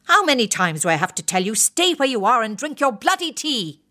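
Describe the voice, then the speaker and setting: A woman voicing a blustering, exasperated retired military man with a plummy English accent, bellowing slow, emphatic commands. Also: a little high, very animated, bright, forceful tone, voice pushed up.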